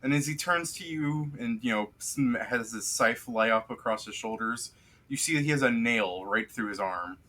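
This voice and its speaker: Bright-voiced male game master. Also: medium pitch, moderate pace. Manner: rambling, filler-heavy scene description. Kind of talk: narrating a tabletop game.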